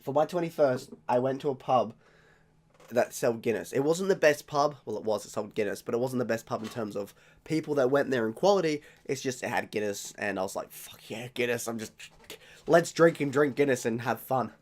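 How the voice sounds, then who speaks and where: A man's voice: mid-range voice, a little fast. A young Australian man hosting his channel, talking casually and rambling, often correcting himself as he tastes beers. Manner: rambling, chatty, self-correcting. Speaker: channel host. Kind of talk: casual beer tasting vlog.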